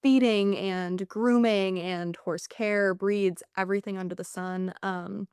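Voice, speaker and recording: A young woman researcher talks through her study in a chatty, easygoing way. Her voice is clear and smooth, recorded dry and close. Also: medium pitch, unhurried, dry recording. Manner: relaxed, chatty with fillers like 'like'. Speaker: graduate researcher, guest. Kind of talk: casual interview explanation.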